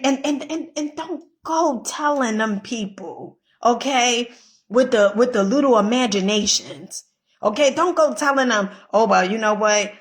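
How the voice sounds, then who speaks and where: A woman giving a casual motivational pep talk, emphatic and repetitive, swearing freely and checking in with "okay?". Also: fairly high pitch. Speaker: motivational vlogger.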